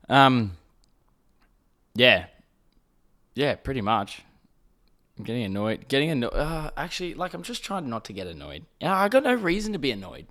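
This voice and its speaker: A man's voice: fairly low pitch, a bit bright. Swearing Australian man ranting casually. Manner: swearing, exasperated ranting with restarts. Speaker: podcast host. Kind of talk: casual solo podcast rant.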